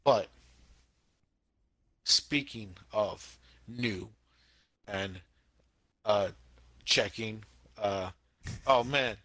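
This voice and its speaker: Excitable young man with a bright voice. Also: lowish voice, very slow, pauses often, dry recording. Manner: excitable, jokey, repeats words. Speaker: podcast co-host. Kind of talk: casual anime podcast chat.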